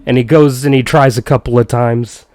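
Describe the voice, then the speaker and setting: A man's voice: mid-range voice, fairly even intonation, moderate pace, darkish tone, no room sound. A man co-hosting a casual film review chat, recounting scenes and laughing often.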